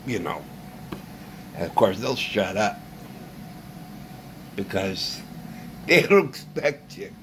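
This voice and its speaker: A man speaking alone to the camera, ranting in a casual monologue with slow emphasis and long pauses. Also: medium pitch, fairly bright tone, slight background noise. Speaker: vlogger.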